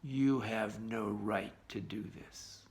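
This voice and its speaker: A man's voice: fairly low pitch, steady tone, slow. A man voicing a bold young bride who speaks firmly and commandingly, within a story he is telling. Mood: defiant. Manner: firm, commanding.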